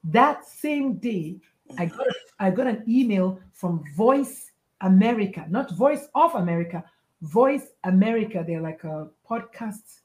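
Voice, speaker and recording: A woman's voice: medium pitch, unhurried, reverberant. A woman from Nigeria, a pediatrician and life coach, telling stories as a podcast guest and acting out the voices of the people in them. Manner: acts out quoted voices, emphatic and expressive. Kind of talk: animated storytelling in conversation.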